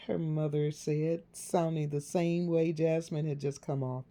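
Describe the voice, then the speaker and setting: A woman narrating a novel in a measured storytelling delivery. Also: sits low, steady tone, dark tone. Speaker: audiobook narrator.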